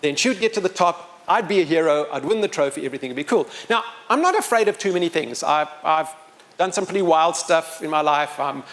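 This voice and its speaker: A middle-aged man telling a story to a live audience, animated and self-mocking, with big swings in loudness. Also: fairly high pitch, brisk. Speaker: storyteller and motivational speaker.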